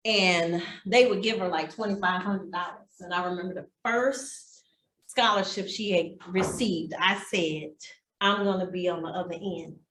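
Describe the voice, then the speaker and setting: A woman's voice: fairly low pitch, moderate pace, fairly bright tone, a little hiss or hum. A woman teaching a real estate class, telling heartfelt stories about giving back. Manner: heartfelt, storytelling, speaks of blessing and giving. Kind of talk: motivational class talk. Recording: echoey room.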